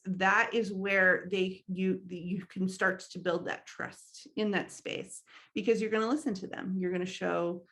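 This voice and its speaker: A young adult woman leading a training workshop, talking in a conversational way with frequent fillers and small laughs. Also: mid-range voice. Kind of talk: instructional talk.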